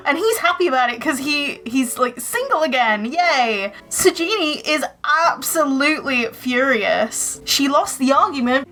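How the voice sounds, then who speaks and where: A woman's voice: high voice, a bit bright. A young woman giving chatty, emotional commentary over gameplay, gasping and exclaiming as she plays. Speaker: Sims let's play creator.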